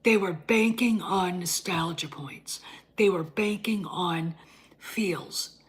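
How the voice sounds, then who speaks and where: A woman's voice: lowish voice, takes it slowly, slightly rough. A woman hosting her own show, ranting bluntly and combatively, often swearing and restarting her sentences. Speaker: host. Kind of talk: opinion rant.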